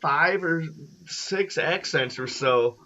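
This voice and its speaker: Upbeat young American host, laughs a lot, stumbles and swears casually; bright tone. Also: male voice, a little high, takes it slowly. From United States. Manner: laughs often, restarts sentences, casual swearing. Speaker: podcast host. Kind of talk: casual chat. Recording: dull lo-fi audio.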